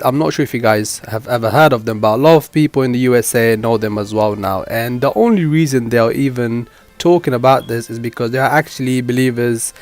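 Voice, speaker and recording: Male commentary host, mid pitch, earnest and explanatory, dry close-mic sound. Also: no echo. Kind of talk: reaction commentary.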